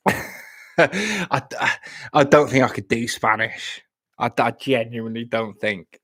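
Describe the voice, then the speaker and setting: A man's voice: mid-range voice, animated, takes it slowly, fairly bright tone. A young man from Plymouth, chatting casually on a live stream at home, often stammering and repeating words. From Plymouth, England.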